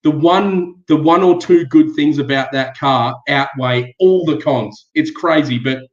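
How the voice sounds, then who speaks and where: A man's voice: on the high side, unhurried. An Australian man as a podcast guest, chatting easily and laughing often. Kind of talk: casual chat. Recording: echoey, muffled remote audio.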